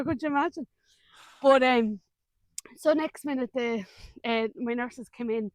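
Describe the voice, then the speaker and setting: An Irish woman in her thirties tells her story as an interview guest, animated and chatty, her voice sitting fairly high. The sound is dry and close, with no room around it. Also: measured pace, long pauses, no echo. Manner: animated, colloquial storytelling with frequent laughs.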